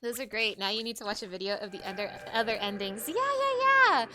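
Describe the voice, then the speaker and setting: A woman's voice: medium pitch, level tone, fast, background noise. A woman streaming a game, chatting playfully with her viewers and giggling often. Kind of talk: casual gaming commentary. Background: game music.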